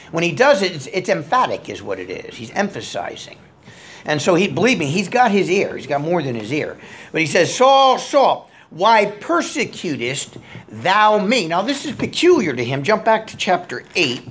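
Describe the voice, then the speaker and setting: A man's voice: a little high, a bit bright, a little hiss or hum. A middle-aged man, a pastor leading a Bible study sermon in a conversational way, reading scripture aloud with rising emphasis.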